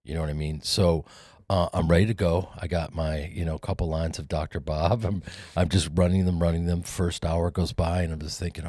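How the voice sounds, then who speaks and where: Low-ish guy in his fifties spinning showbiz stories, dry close studio sound. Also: flat delivery, fairly quick, mellow, dry recording. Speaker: guest actor and comedian. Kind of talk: animated storytelling. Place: radio studio. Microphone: studio microphone.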